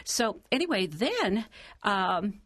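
A woman from Southeast Ohio, a guest on a radio show, telling her story in a chatty, animated way and quoting the people she met. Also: medium pitch, takes it slowly. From Southeast Ohio, USA. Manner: chatty, animated retelling with quoted dialogue and laughs.

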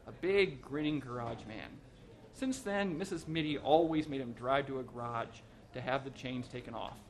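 A man narrates a short story aloud in an even, measured storytelling manner. His voice sits on the higher side for a man. The reading is plain and steady.

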